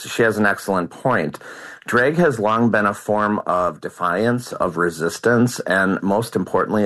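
A man's voice: lowish voice, fairly bright tone. A man, a community project organizer giving articulate, earnest answers in an interview. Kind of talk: radio interview.

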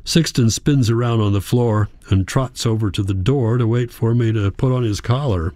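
A man reading a first-person story in a quiet, measured narration. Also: mid-range voice, no echo. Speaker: audiobook narrator.

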